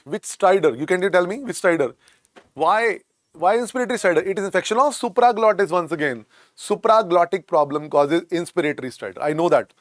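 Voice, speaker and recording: A man with an Indian accent teaches a medical exam class in a high-leaning voice, recorded dry at studio quality. In this classroom lecture he drills each term by repetition, mixes in Hindi words, and calls students "beta."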